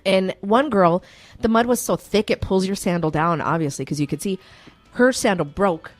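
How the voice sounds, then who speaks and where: A woman co-hosting a radio show, telling a lively story in casual chat and acting out the quotes. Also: medium pitch, moderate pace, no echo, soft background music. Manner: animated storyteller, acts out quotes.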